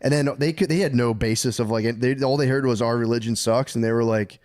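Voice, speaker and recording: A man's voice: mid-range voice, steady tone, fairly quick, darkish tone. A man co-hosting a podcast, telling a history story in a rambling, profane, comedic way. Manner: rambling, profane, acts out characters with laughter. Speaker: podcast co-host.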